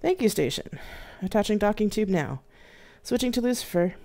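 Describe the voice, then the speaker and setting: A woman's voice: medium pitch, animated, moderate pace, warm tone, pitched above the performer's own voice, lightly acted. A woman doing a terse female ship captain on comms. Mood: formal. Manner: formal radio protocol.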